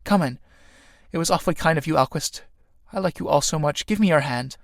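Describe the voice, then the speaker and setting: A man's voice: a little high, fairly quick, vocal fry, dry recording, studio quality. A man reading the part of an anxious young woman in an audiobook of a play, in a pleading way. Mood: eager.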